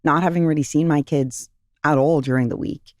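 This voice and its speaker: A woman's voice: deep voice, fairly even intonation, fairly quick, darkish tone, no room sound, clean studio sound. A middle-aged woman, a company founder and guest, telling personal stories in a heartfelt, earnest way on a podcast, sometimes repeating phrases for emphasis. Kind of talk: podcast interview, personal storytelling.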